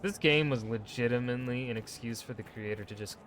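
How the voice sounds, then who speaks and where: A man's voice: mid-range voice, fairly quick, fairly bright tone, a little hiss or hum. A man playing a video game on stream, reading in-game lore aloud and joking and swearing as he goes. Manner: loose and joking, swears and laughs at himself. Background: game music.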